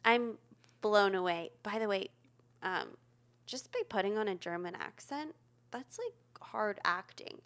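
A woman hosting a podcast in casual chat, earnest and hesitant, often pausing on "um" as she steers toward the close. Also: medium pitch, a bit bright. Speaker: podcast host.

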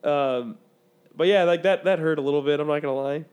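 Fast-talking young man, crude and jokey. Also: on the high side, smooth. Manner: crude, joking, animated storytelling. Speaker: podcast co-host. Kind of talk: casual crude banter.

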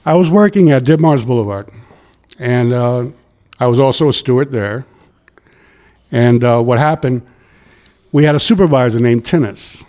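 A man's voice: mid-range voice, normal speed, pauses often. A middle-aged man, a retired transit worker giving an interview and telling stories, acting out the quotes. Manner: animated storyteller who acts out quotes. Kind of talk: casual storytelling interview.

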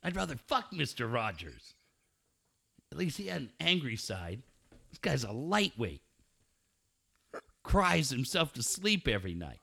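A man's voice: medium pitch, very animated, measured pace, gravelly, long pauses, sharp tone, husky. A middle-aged man co-hosting a podcast in crude casual chat, profane and mocking, laughing often. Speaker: podcast co-host.

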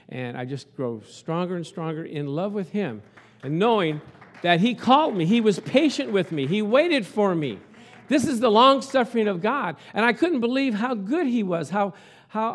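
Folksy older male preacher, slightly high. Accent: Italian. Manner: conversational, folksy preaching with asides. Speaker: pastor. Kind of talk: sermon.

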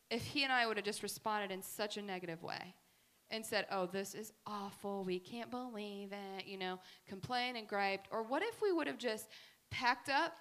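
A woman giving a faith talk, telling family stories in an animated, chatty way with many fillers. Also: fairly high pitch. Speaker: speaker at a faith gathering.

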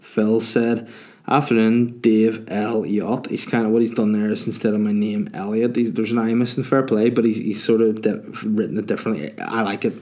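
A man's voice: lowish voice, level tone, a little fast, few pauses, mellow. A young man hosting a casual solo podcast, rambling and swearing freely. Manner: rambling, chatty, swears freely, laughs easily. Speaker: podcast host.

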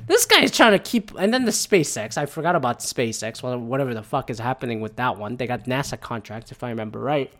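A woman who works in the auto industry, ranting with exasperation, heavy swearing and rambling asides. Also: mid-range voice. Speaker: commentator. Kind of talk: profane rant.

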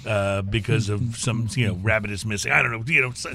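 A man's voice: lowish voice, fairly even intonation, fairly quick, gravelly, bright, forceful tone, slight background noise. Chatty male podcast host. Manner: chatty, goes off on tangents. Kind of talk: casual interview.

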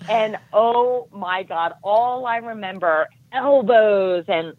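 A woman guest telling a self-deprecating story in casual talk, animated and acting out the voices of others. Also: mid-range voice, slow, no echo. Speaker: podcast guest. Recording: muffled dull audio.

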